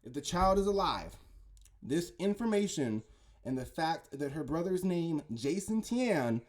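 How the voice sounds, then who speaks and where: A conspiracy commentator speaks a little slowly in a fairly high voice with big pitch swings. His casual monologue wanders and stumbles, and he insistently peppers it with "right?" and "okay?".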